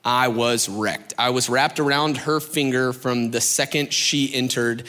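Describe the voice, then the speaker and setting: A man's voice: mid-range voice, steady tone, a little slow, pushed and bright, big-room sound. A man in his thirties preaching on a stage, telling a story with many asides and fillers. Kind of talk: sermon. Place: large hall on a stage.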